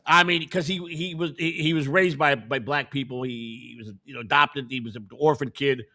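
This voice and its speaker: A man's voice: mid-range voice, moderate pace. A man hosting a casual conversation, talking emphatically and telling stories from his old neighborhood. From Chicago. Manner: emphatic, animated storytelling.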